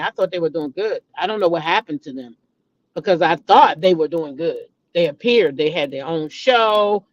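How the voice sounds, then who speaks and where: A middle-aged woman holds forth in a chatty gossip vlog, swinging into dramatic outbursts as she talks straight to her viewers. Her delivery is animated and familiar. The recording sounds dull and lo-fi. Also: on the low side, no room sound. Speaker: vlogger, show host. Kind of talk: casual celebrity gossip chat.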